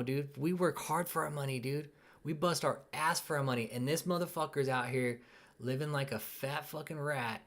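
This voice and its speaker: A man's voice: mid-range voice, fairly bright tone. A young man hosting a live stream, ranting angrily with heavy swearing and tagging his lines with "dude" and "man". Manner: angry, profane, repeats "dude" and "man". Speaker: channel host.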